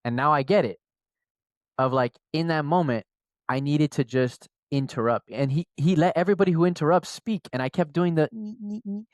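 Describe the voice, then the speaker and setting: Slangy, animated podcast co-host man. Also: on the high side, fairly quick, no echo. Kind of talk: casual chat.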